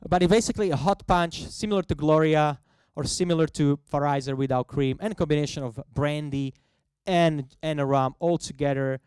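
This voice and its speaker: A man giving a festival talk on the history of coffee cocktails, telling it as a lively story in non-native English. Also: fairly high pitch, a little fast, clean tone, dry recording. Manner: lively storyteller who acts out quoted voices.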